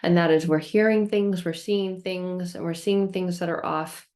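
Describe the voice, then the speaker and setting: Her voice is lowish and a bit dark, her intonation fairly even, her speed normal. She hosts a casual self-help vlog, narrating a story with expression, quoting her own frustrated outbursts and repeating phrases in rhythmic lists.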